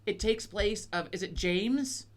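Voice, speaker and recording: A woman's voice: mid-range voice, measured pace. Rambling, swearing middle-aged woman. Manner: rambling, profane, lots of fillers and restarts. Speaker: podcast co-host. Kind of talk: casual chat.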